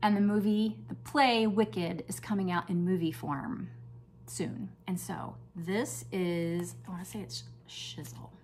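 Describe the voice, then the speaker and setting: An older woman hosting a crafting vlog, chatting enthusiastically as she shows off her projects and sometimes dropping to a hush. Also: medium pitch, steady tone, a little slow, a little hiss or hum. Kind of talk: casual show-and-tell chat.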